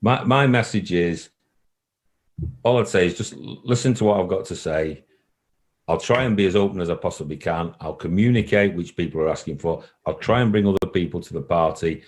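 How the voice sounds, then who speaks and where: A man's voice: low-pitched, fairly quick. A man who runs a football club, answering interview questions in an earnest, repetitive way. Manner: earnest, repeats himself, emotional at times. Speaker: football club chief executive. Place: call recording.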